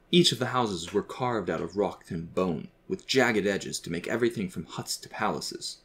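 A man narrating a scripted fantasy story with a steady, expressive reading. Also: sits low.

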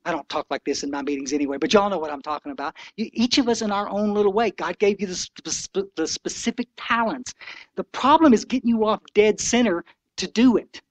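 A man's voice: high voice, fairly quick, no room sound. A man in his sixties giving an impassioned, folksy talk to a recovery meeting, preachy and blunt.

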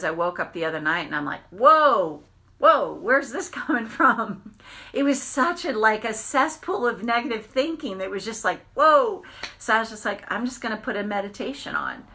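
A middle-aged woman coaching tapping on a live stream, talking in an earnest, rambling way with restarts and quick asides. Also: medium pitch, pushed and bright. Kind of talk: casual live-stream talk.

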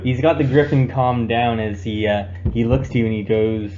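A man narrating as game master, relaxed and wry, recorded on a muffled phone. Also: mid-range voice, moderate pace, hardly any pauses, slight background noise.

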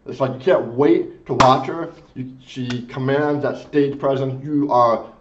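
A man's voice: medium pitch, steady tone, unhurried, highs cut off. A man hosting a music reaction video, gushing and emotionally moved as he comments. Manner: gushing, effusive, exclaims often.

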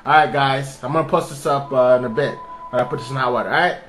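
A young man vlogging casually from his kitchen sink, excitable and profane, talking to his dog and the camera. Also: mid-range voice, fast talker, slight background noise. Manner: excitable, profane, talks to a pet. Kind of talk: casual handheld vlog.

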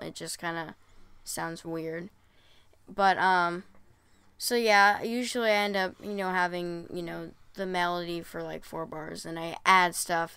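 Halting young man full of fillers. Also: sits high, vocal fry, bright, forceful tone, clear, resonant tone, dry recording. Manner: halting, full of "you know" and "um". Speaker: co-host and music composer. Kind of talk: casual podcast chat. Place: bedroom.

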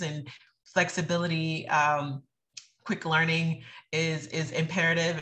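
Low bright New England woman moderator. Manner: friendly, many ums and restarts. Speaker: panel moderator. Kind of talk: webinar panel wrap-up.

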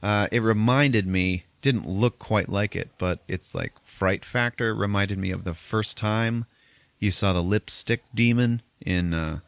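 A man with a very deep voice, recorded close and dry with no room sound. He recaps a film in a loose, profane, rambling way, jumping into characters' lines as he tells it. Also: a little slow, gravelly, dry recording. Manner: profane, rambling retelling with acted-out quotes. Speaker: podcast host recapping a film. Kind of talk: casual movie recap chat.

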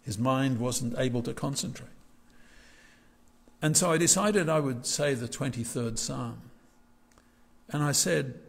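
A man's voice: mid-range voice, a little slow, creaky, long pauses. A male pastor preaching a reflective sermon in a church, often restarting his phrases. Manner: reflective, with frequent restarts and gentle asides. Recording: long hall reverb.

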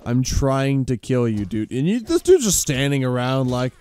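A man hosting a profane let's play commentary, sarcastic and swearing constantly, bursting into yells. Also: medium pitch, sing-song, normal speed, hardly any pauses, no room sound. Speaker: gaming channel host.

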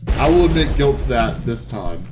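A young man giving frustrated gameplay commentary, swearing, pleading and shouting in exasperation. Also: mid-range voice, sing-song, moderate pace, music in the background. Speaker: gaming video creator.

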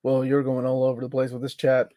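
A man co-hosting a live comics talk stream, relaxed and joking, loudly greeting people in the chat. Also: mid-range voice, fast talker, no room sound, clean studio sound. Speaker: co-host of a live comics show.

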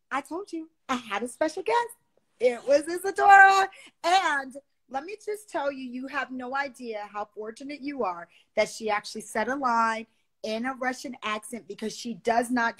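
A woman's voice: sits high, a bit bright. A woman hosting a casual live stream on a phone, talking in a gushing, effusive way.

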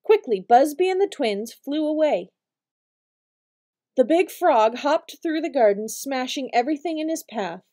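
Woman reading a picture book, mellow. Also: high voice, measured pace. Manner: warm, expressive storytelling. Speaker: storytime reader.

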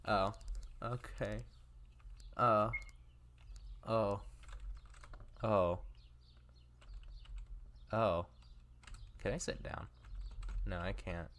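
Slow, musing male let's player. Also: fairly low pitch, fairly bright tone, slight background noise. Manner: slow, musing, occasional stammers. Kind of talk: casual let's play commentary, reading game text aloud.

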